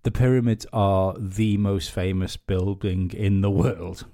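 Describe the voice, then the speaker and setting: A man's voice: low-pitched, fairly even intonation, a little slow, mellow. A man co-hosting a podcast, telling a rambling story in casual chat, swearing freely and restarting his sentences. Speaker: podcast co-host.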